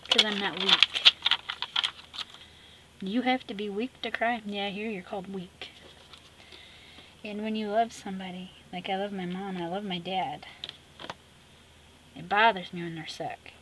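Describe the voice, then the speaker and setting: A woman vlogging as she makes an art collage. She chats casually and sassily, talks to herself as she works, and often drops into soft whispers. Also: mid-range voice, unhurried, pauses often, low-quality recording. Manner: chatty, drifting into soft whispers; sassy, talks to herself while working. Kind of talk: casual chat while crafting. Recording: steady background noise with clicks.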